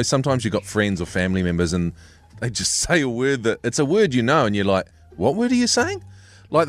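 A man's voice: fairly low pitch, no room sound. Playful New Zealand radio host, man. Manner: playful, mimics odd pronunciations. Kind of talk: casual radio banter.

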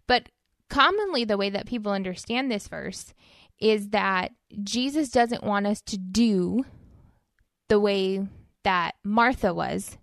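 A woman's voice: mid-range voice, slow, creaky, dry recording, clean studio sound. Earnest woman co-hosting a faith podcast. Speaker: podcast co-host. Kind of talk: casual faith podcast discussion.

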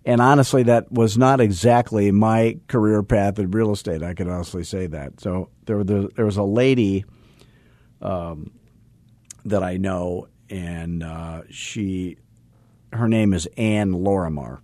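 A man in his sixties with a fairly low voice spins a meandering radio story, stopping and restarting often. He acts out both sides of a conversation. The studio sound is close and completely dry. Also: unhurried, a little mellow, no room sound. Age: 60s. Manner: rambling anecdotes with acted-out dialogue and many restarts. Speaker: real estate sales coach, show host. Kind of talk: casual storytelling on a radio talk show.

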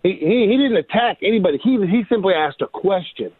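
A man on talk radio, indignant and restarting his words as he argues. His pitch swings widely, and the recording is dry and narrow like a phone line. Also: expressive, fairly quick, slightly rough, no room sound. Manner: indignant, repeats words when starting. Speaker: radio talk show co-host. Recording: thin phone-like radio audio.

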